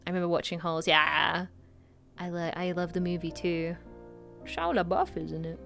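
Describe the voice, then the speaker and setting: A woman's voice: lowish voice, normal speed, vocal fry, fairly bright tone, faint music behind. A woman streamer reading game lore aloud, giggling often, tripping over hard words and wandering into chatty asides.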